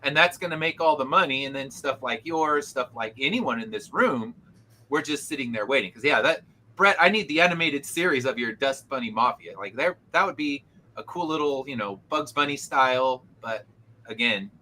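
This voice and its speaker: A man's voice: medium pitch, animated, normal speed, sharp tone, slight background noise, poor audio. A man hosting a comic talk show in casual chat, grumbling wryly. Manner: wry, grumbling. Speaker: podcast host.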